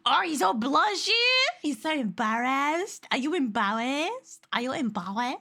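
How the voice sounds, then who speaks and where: Young woman streamer, excitable, swears freely, high voice, very lively. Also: measured pace. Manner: excitable, swears a lot, laughs often. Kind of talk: casual livestream chat.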